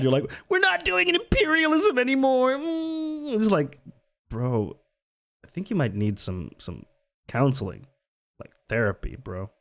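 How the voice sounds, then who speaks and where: A streamer giving sarcastic, laughing, animated commentary on a live stream. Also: medium pitch.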